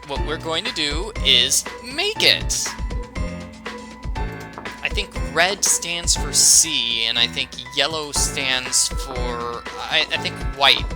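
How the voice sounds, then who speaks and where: A man giving casual walkthrough commentary on a game, rambling and often stumbling over and repeating words. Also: mid-range voice. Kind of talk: casual let's-play commentary.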